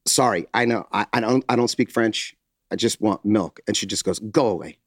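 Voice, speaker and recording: Animated man telling a story. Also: on the low side, moderate pace, dry recording, clean studio sound. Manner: animated storyteller, acts out quotes, swears freely. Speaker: podcast co-host. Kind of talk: casual chat, storytelling.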